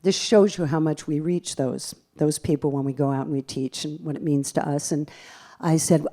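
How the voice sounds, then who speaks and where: A woman pianist and bandleader telling lively, self-deprecating stories from a theater stage into a stage microphone between songs. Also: deep voice, moderate pace. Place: theater stage at a live concert.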